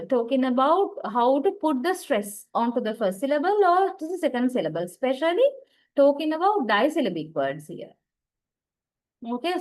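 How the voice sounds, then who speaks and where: Her voice sitting high, a female university lecturer with a Sri Lankan English accent presents a linguistics lecture. She keeps checking in with "okay" and "right," and the recording is rough.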